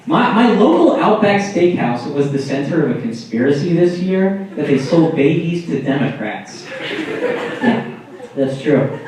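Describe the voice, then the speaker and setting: Exasperated young male stand-up comedian. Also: darkish tone. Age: 20s. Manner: wry, exasperated, jumps into high voices for quoted people. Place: college comedy show room with live audience. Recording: roomy echo, distant mic, audience noise.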